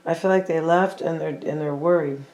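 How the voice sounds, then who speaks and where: A casual tarot reader talks straight to the viewers, musing over each card as it turns up. The voice sits at an ordinary middle pitch, loose and chatty, often circling back with "I feel like". Now and then it slips in teasing little jokes for the audience. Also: steady tone, normal speed, darkish tone. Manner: chatty, thinking aloud, repeats and hedges with "I feel like"; playful, teasing asides to the audience.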